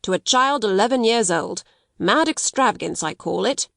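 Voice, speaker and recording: A woman's voice: mid-range voice, normal speed, gravelly, no echo, clean studio sound, natural voice. A woman reading a storybook voices a shrewd male solicitor who speaks brusquely and with disapproval. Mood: critical, curt. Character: curt, shrewd male solicitor, dry little man.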